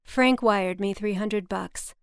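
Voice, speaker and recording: A woman's voice: medium pitch, slow pace, clear, resonant tone, dry recording, clean studio sound. Woman putting on a brash, brassy paranoid mother. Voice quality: brassy and blunt.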